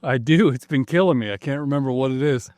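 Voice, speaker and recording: A man's voice: mid-range voice, fast, darkish tone, no echo. A man guesting on a casual podcast, friendly and reflective with a dry sense of humor. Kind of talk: casual chat.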